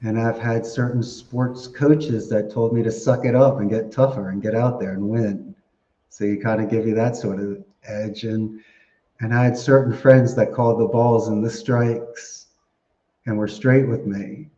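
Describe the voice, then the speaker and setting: A man, a podcast guest giving casual interview answers in an animated, storytelling way and laughing often. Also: lowish voice, measured pace. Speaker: podcast guest, call center business owner. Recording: echoey room, dull lo-fi sound.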